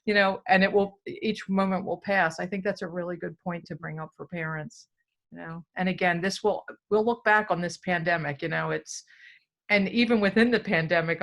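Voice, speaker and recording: A woman's voice: lowish voice, fairly bright tone. A woman hosting a casual parenting video chat, thoughtful and reflective, laughing now and then. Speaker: parenting talk host.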